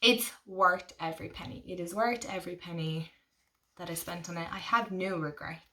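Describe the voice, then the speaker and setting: A woman chatting casually on her vlog, gushing and excitable, full of fillers and restarts. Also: lowish voice, moderate pace, recorded from a distance, a little hiss or hum. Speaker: tarot vlogger. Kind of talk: casual chat.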